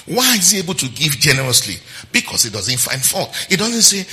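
A man's voice: medium pitch, very animated, a little fast, hardly any pauses, bright, forceful tone, in a large hall. A man preaching a sermon as pastor, calling on the congregation to answer and acting out quotes in different voices. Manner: preaching with call-and-response and acted-out quotes.

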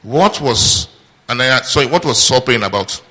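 A man with a mid-range voice preaches a sermon at normal speed, his tone sharp and his intonation lively. He reads scripture aloud and quizzes the congregation with call-and-response questions, all under a long hall reverb.

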